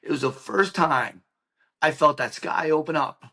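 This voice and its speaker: A man's voice: a little high, unhurried, vocal fry. A middle-aged man, a podcast guest, telling a personal story with energy, acting out what people said and sprinkling in "like" and "right?". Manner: animated storyteller, acts out quoted dialogue, many "like" and "right?" fillers. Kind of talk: emotional personal storytelling in an interview.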